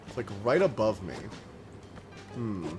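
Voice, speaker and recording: A man's voice: fairly low pitch, sing-song, a little slow, music in the background. An American man chatting loosely as he streams a game, rambling with lots of filler words. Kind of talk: casual let's-play commentary.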